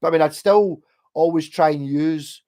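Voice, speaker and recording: A Scottish man talking casually on a livestream, his voice sitting a touch high. He rambles along, restarting sentences and swearing now and then. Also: normal speed, warm tone. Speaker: livestream host.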